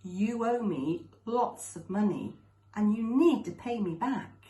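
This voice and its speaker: A woman's voice: mid-range voice, lively intonation, takes it slowly, warm tone. A woman voicing a stern wise king. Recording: roomy echo.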